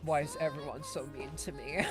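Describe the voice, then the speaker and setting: A man's voice: on the high side, normal speed, music in the background. A man from Ireland, chatting casually and rambling as he streams a game, swearing and laughing often. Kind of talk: casual livestream chat.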